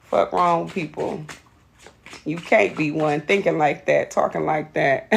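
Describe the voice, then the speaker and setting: A woman's voice: low-pitched, fairly even intonation, measured pace, creaky. A woman giving a live tarot reading, blunt and profane, greeting viewers by name. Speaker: tarot reader.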